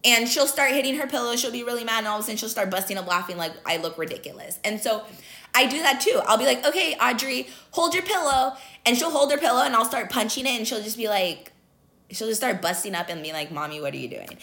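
A woman's voice: on the high side, lively intonation, fast talker, pushed and bright. A young woman talking earnestly about personal growth, emphatic and casual, with lots of fillers. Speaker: motivational speaker. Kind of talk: casual motivational talk.

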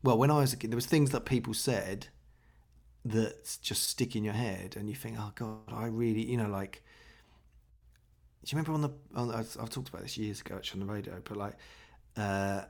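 A man's voice: lowish voice, a little fast, creaky. A middle-aged man, a podcast guest, chatting casually and acting out little quotes as he tells family stories. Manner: animated storyteller, acts out quotes. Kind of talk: casual chat.

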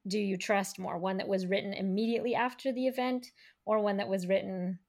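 A woman co-hosting a conversational podcast, talking things through in a mid-pitched voice. She reasons out loud and frequently circles back to restart her phrases. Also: steady tone, brisk. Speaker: podcast host. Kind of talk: casual chat.

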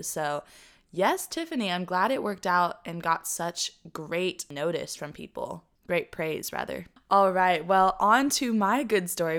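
A young woman with a slightly low voice tells a story to her podcast co-host. She is chatty and animated and laughs easily. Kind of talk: casual storytelling chat.

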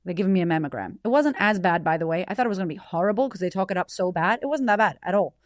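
A woman in her thirties hosting a podcast, telling a personal story in a blunt, animated way with frequent swearing. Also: lowish voice, very fast, dry recording, studio quality. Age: 30s. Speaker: podcast host. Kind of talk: candid personal storytelling monologue.

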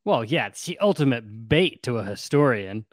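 A man hosting a casual podcast about a book, retelling it in an animated way and laughing often. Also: medium pitch, normal speed, no echo. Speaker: podcast host.

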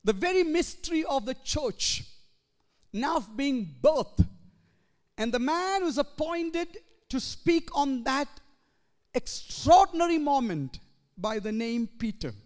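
A male pastor preaches in a strikingly high voice, taking his time over each phrase. His earnest delivery climbs now and then into shouts. The sound carries a long reverb from a church hall. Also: lively intonation, slow pace. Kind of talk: sermon.

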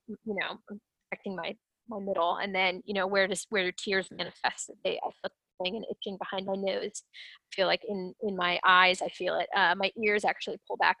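A woman speaking as an interview guest, explaining things in an animated way and acting out her own inner voice. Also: mid-range voice, no echo, poor audio. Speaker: guest, sales development rep. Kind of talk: conversational interview.

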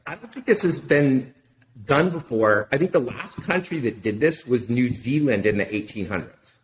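A middle-aged man tells a story in a relaxed interview. He swears freely and acts out each exchange. His pitch jumps high whenever he quotes someone. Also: moderate pace, slight background noise. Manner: animated, profane, acts out quoted dialogue. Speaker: podcast guest, wine consultant.

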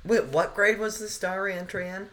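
A woman's voice: medium pitch, moderate pace, fairly bright tone. A woman co-hosting a casual chat over a video call, making dry, wry asides. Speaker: podcast co-host.

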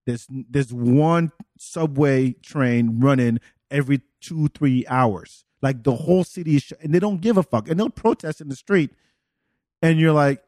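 A man from France with a French accent, hosting a podcast and telling animated stories in casual chat, swearing freely. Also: mid-range voice, a little slow, no room sound, studio quality. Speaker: podcast host.

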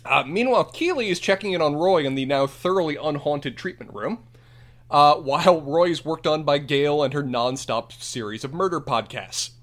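A man's voice: a little high, normal speed, fairly bright tone. A man co-hosting a podcast, recapping a TV episode in casual chat with wry, playful asides. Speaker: podcast co-host.

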